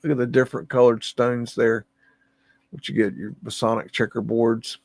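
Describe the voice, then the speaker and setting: A man's voice: mid-range voice, flat delivery, normal speed, gravelly, darkish tone, no echo. A man hosting a livestream, musing aloud and easily amazed as he comments on photos, humming to himself between remarks. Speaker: livestream host.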